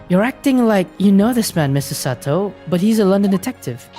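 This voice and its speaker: A woman voicing an earnest young Japanese defense lawyer, a man, speaking in measured lines in a game playthrough. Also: medium pitch, lively intonation, dark tone, soft background music, close to an everyday voice. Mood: puzzled.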